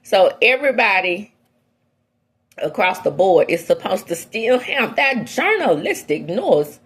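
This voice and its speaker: A woman hosting an entertainment gossip show, giving her opinions in casual, outspoken commentary that swings from low asides to high exclamations. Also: huge pitch swings, slow, long pauses, a bit bright, husky.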